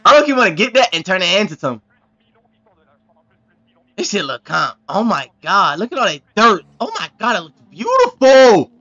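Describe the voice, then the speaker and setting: High-pitched excitable man reacting. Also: a little fast, long pauses, muffled recording. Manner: excitable, exclamatory, profane slang. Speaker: reaction video host. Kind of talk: casual reaction commentary.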